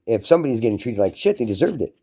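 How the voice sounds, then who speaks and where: A man's voice: medium pitch, sing-song, very fast, dark tone, husky. A man delivering a profane, emphatic, run-on rant to camera. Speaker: vlogger. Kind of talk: casual ranting monologue.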